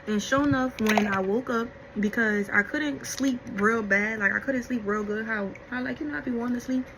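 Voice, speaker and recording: A young adult woman vlogger telling a story-time in casual, animated chat, talking straight to her viewers. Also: a little high, moderate pace, background noise. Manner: animated, chatty, addresses viewers as y'all.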